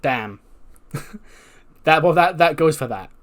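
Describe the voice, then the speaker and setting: A man's voice: a little high, expressive, slow, fairly bright tone. A man narrating a wrestling management game in a wry, self-deprecating way, as a game streamer. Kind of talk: let's-play narration.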